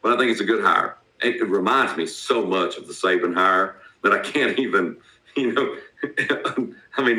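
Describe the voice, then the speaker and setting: A man with a strong Southern accent, co-hosting a casual sports podcast in a blunt, salty, animated way. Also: lowish voice, roomy sound, poor audio. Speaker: podcast co-host.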